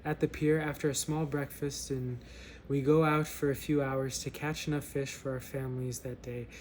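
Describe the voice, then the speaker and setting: A man's voice: medium pitch, level tone, moderate pace, a little hiss or hum, natural voice. A man voicing an easygoing village fisherman while reading a story aloud. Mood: content.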